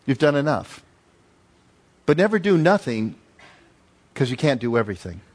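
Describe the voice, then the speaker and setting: A man preaching a sermon as pastor, telling stories with lively emphasis and repeated phrases. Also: mid-range voice, normal speed. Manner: animated storytelling with emphatic repetition.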